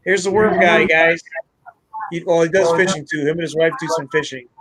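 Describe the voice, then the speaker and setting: A man's voice: fairly high pitch, fairly even intonation, a little fast, noisy background. A man hosting a live stream, chatting casually, laughing and greeting viewers by name. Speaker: channel host.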